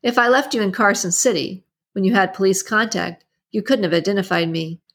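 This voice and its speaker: A woman reading the lines of a tense young male kidnapper in an audiobook, terse and low-key. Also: a little fast, a bit bright, breathy edge.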